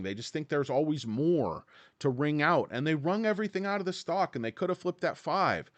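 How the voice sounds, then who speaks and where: A man with a fairly high voice hosts a casual stock-market livestream, rambling and joking as he speaks directly to his chat. There's no room sound.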